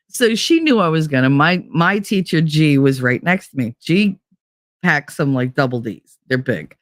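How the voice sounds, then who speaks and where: A woman hosting a podcast, telling a bawdy story in a casual, animated, profane way and acting out what others said. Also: sits low, a little slow, no echo, studio quality. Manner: profane, animated, acts out quoted dialogue. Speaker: podcast host.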